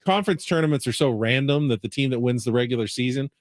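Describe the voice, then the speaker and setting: A man's voice: mid-range voice, fast talker, dry recording, clean studio sound. A man hosting sports radio, explaining college basketball at length and thinking aloud with restarts.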